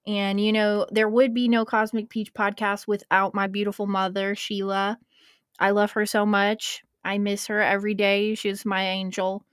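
A woman's voice: mid-range voice, little pitch movement, normal speed, smooth, no room sound, studio quality. A woman in her twenties hosting a podcast, chatting casually and emotionally and swearing now and then. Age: 20s. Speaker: podcast host.

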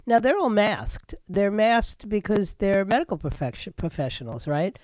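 A woman's voice: medium pitch, very animated, moderate pace, a little mellow, dry recording. An older woman hosting a talk radio show, sick with a stuffy nose and a nasal voice, rambling in a chatty monologue full of fillers.

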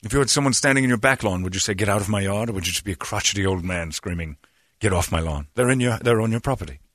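A man's voice: lowish voice, rapid-fire, fairly bright tone, no room sound, clean studio sound. A man hosting a casual chat, rambling and joking, laughing often at his own bits.

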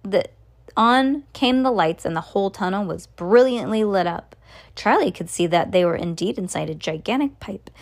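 Brief: woman reading aloud to kids, relaxed, tripping and correcting herself. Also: medium pitch. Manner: casual, with slips and asides. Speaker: reader. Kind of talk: reading a children's book aloud.

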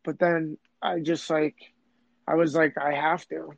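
A young man casually recounts a personal story, rambling and emotional, with lots of fillers and restarts. His voice is a little high, level in tone, creaky, and measured in pace, and the lo-fi recording sounds dull with no echo.

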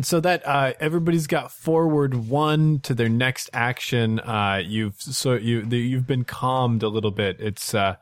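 A man narrating as game master in a tabletop game, relaxed and halting with lots of fillers. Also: medium pitch, no echo.

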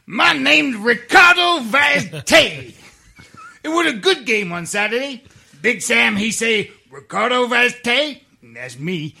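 A cocky swaggering footballer. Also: male voice, extremely high pitch, sing-song, unhurried, voice pushed up, exaggerated voice. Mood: cocky boasting. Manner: shouted, swaggering slang boasting. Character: brash swaggering young male footballer, cocky.

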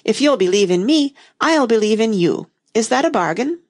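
A woman's voice: on the high side, moderate pace, voice pushed up, natural voice. A woman voicing a proud, careless male unicorn in a storybook, with an eager manner. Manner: eager, lively.

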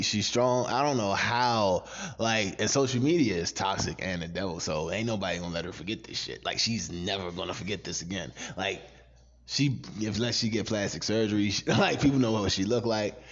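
A man co-hosting a podcast, ranting profanely in a casual, animated way and laughing often. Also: fairly low pitch. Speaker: podcast co-host. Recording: dull lo-fi sound.

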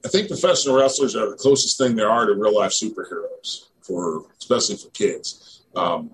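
A middle-aged man from Missouri speaks in a fairly low voice, looping through his memories with plenty of "you know" and "man". His talk is relaxed, conversational and digressive, like a guest on a podcast. A faint hiss of noise sits underneath the recording. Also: brisk, rough recording. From Northeast Missouri, USA. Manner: rambling, heavy on fillers like "you know" and "man". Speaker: guest, former pro wrestler. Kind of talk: casual interview storytelling.

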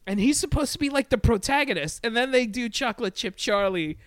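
Middle-aged dude ranting about a dumb movie, swears a lot, smooth clear voice, dry room. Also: male voice, very high-pitched, lively intonation, fairly quick, a bit bright, dry recording. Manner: rambling, profane, laughing often. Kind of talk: casual movie review chat.

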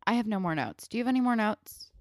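A woman's voice: a little high, expressive, quick pace, darkish tone, no echo. A woman co-hosting a casual chat, opinionated and swearing freely as she recaps an episode. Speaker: podcast co-host.

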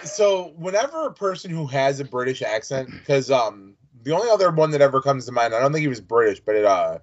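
Male podcast co-host, playful and teasing, relaxed chatter, dull lo-fi recording. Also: mid-range voice, brisk. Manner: jokey, playfully mangling names. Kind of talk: casual chat. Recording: muffled lo-fi audio.

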